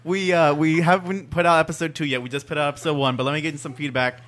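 A man's voice: fairly high pitch, steady tone, rapid-fire, fairly bright tone. A young man hosting a casual podcast chat, teasing his guests and laughing often. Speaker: podcast host.

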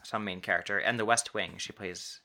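A podcast co-host in casual chat, chatty and quick to laugh, stumbling over words now and then. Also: low-pitched, steady tone, pushed and bright.

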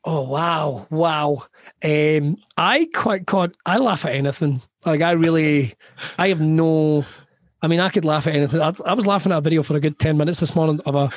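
A man's voice: fairly high pitch, fairly quick, no room sound, clean studio sound. A Scottish man in his forties, a comedian chatting casually on a podcast, swearing and laughing as he rambles through stories. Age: 40s. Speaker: comedian guest.

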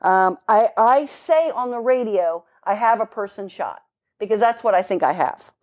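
A woman's voice: mid-range voice, animated, normal speed. A middle-aged woman police officer recounting a call in casual conversation, vivid and emphatic, with blunt, casual swearing.

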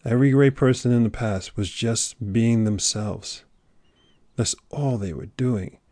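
A man giving a motivational monologue, preachy, swinging from loud urging to a hushed near-whisper. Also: mid-range voice, unhurried, no echo. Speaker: motivational speaker.

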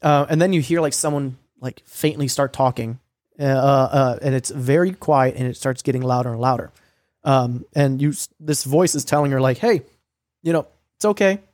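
A man's voice: mid-range voice, fairly even intonation, normal speed, a little mellow, dry recording, studio quality. Rambling, profane young man. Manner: profane, rambling storytelling with many fillers; acts out quoted lines with a raised voice. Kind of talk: casual recap of a streamed game.

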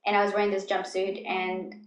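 A woman's voice: medium pitch, monotone, brisk, reverberant. A woman from Texas, co-hosting a casual show recap with lots of fillers. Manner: chatty, frequent fillers. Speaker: podcast co-host.

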